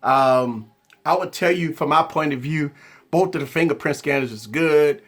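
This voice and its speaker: A man's voice: a little high, moderate pace, a bit bright. A man hosting a live tech stream, talking in a rambling, repetitive, conversational way and answering viewers. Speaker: tech channel host.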